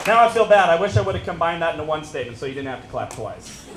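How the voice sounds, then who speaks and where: High-voiced, animated male stand-up comic. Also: rapid-fire. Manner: animated, self-mocking, teasing the audience. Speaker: stand-up comedian. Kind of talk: live stand-up set. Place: stage at a fundraiser event. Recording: echoey room with crowd noise. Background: audience laughter.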